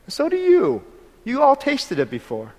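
A man delivers an animated sermon with a high, ringing voice. He slips into other people's voices and climbs to shouted praise, his words hanging in a long hall reverb. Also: normal speed. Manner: lively, acts out voices, builds to shouted praise. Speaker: pastor.

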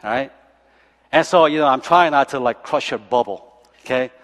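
A man preaching a sermon as pastor, animated and joking, often checking in with the congregation by asking "okay?" and "right?". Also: medium pitch, moderate pace. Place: church sanctuary. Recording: long church hall reverb.

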